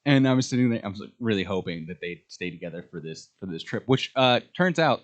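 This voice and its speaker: A man co-hosting a podcast, chatting casually and excitedly about a show, with many ums. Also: fairly low pitch, fast talker, muffled recording. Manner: enthusiastic fan talk with frequent fillers. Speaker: podcast co-host. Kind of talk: casual chat.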